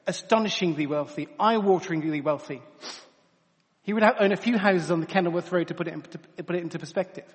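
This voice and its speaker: A man delivers a sermon in an earnest, chatty way, his voice sitting notably high. He talks through a headset mic, and the sound rings out with a long hall reverb. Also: fast. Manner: earnest, conversational, addresses crowd as guys. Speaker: preacher.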